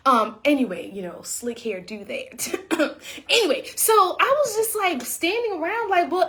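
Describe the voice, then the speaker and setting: Animated high-voiced woman telling a story. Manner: animated, acts out quotes, talks to viewers as y'all. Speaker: author and vlogger. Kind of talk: casual storytelling vlog.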